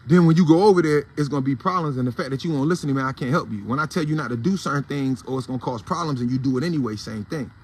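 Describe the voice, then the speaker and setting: A man's voice: mid-range voice, rapid-fire, hardly any pauses, darkish tone, husky. A man with an African American Vernacular English accent hosting a casual morning commentary, blunt, heated and profane in a preachy way. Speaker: host of a morning commentary show.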